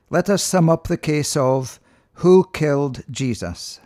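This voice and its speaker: A middle-aged man, a minister hosting a religious radio programme, speaking in a measured, earnest, rhetorical way. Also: fairly high pitch, dark tone.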